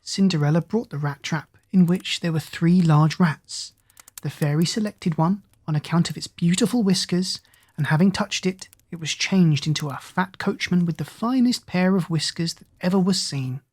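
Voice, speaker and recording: A woman narrating a bedtime fairy tale for children in a calm, soothing way. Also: fairly low pitch, normal speed, breathy edge. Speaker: storyteller.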